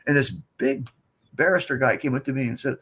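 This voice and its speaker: Husky older man, rambling storyteller. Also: mid-range voice, steady tone, fairly quick, a bit bright. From United States. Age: 70s. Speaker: podcast guest. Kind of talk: casual storytelling.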